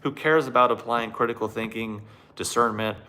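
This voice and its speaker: A man's voice: medium pitch, steady tone, normal speed, sharp tone. A man giving a sardonic monologue on spirituality and self-help, mocking it and acting out the voices he quotes.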